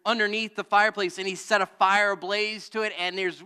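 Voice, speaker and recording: A man's voice: high voice, level tone, brisk, bright, forceful tone, clear, resonant tone, in a large hall. A man preaching a sermon as pastor, telling a story and calling out to the congregation for answers. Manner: storytelling with audience call-and-response. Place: church sanctuary.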